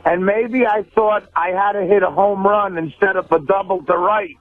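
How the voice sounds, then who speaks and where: A brash, foul-mouthed man calls in and argues over a thin, tinny phone line. His voice sits high for a man and he keeps pushing over whoever talks. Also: normal speed. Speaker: caller to a sports radio show. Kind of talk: heated call-in argument. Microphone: phone call.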